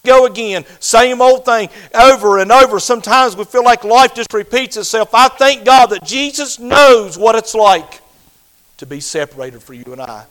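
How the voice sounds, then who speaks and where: An older man preaching a sermon, swinging between loud fervent passages and hushed, quiet ones. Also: very high-pitched, normal speed, poor audio.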